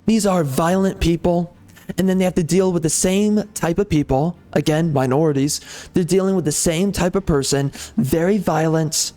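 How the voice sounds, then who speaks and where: A man's voice: sits high, moderate pace, dark tone. A man ranting off the cuff over gameplay, heated and sarcastic, often repeating himself. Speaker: gaming channel host.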